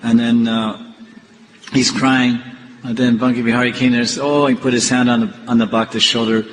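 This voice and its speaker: A swami giving a devotional class, telling temple stories and acting out the characters' voices. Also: male voice, medium pitch, a little fast. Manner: animated storyteller acting out the characters' lines. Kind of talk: devotional storytelling lecture. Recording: echoey hall with faint noise.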